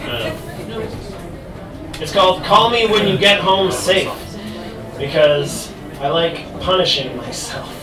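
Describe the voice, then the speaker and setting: A man's voice: on the high side, lively intonation. American man reading poems on stage. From United States. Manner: self-deprecating, halting asides between slow deliberate poems. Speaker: poet. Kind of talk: live spoken word poetry reading. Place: stage in a live venue with an audience. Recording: roomy live sound from a distance, music behind.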